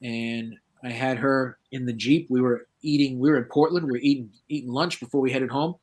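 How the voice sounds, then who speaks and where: A man's voice: mid-range voice, a little fast. A middle-aged man from the northeastern United States, a guest paranormal researcher telling stories casually and acting out the voices of the people he quotes. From southeastern Massachusetts, USA. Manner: lively, acts out quoted voices. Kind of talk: casual anecdotal storytelling.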